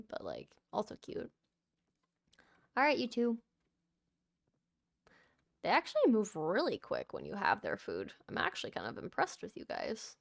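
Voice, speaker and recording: A young woman giving relaxed, chatty commentary over her gameplay, easily surprised and cooing at the animals. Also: mid-range voice, measured pace. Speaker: gaming channel host. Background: soft background music.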